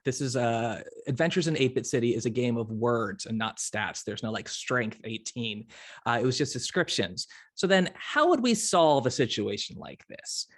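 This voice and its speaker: A man's voice: mid-range voice, fairly bright tone. A man as game master, genially explaining rules with stumbling restarts. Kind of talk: running a tabletop game.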